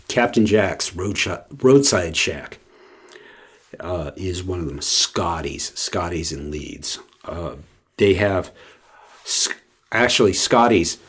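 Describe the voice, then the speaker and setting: A man's voice: low-pitched, fairly bright tone, slightly rough. A man chatting casually to the camera in a rambling way, full of fillers and restarts. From West Coast of the US. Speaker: vlogger.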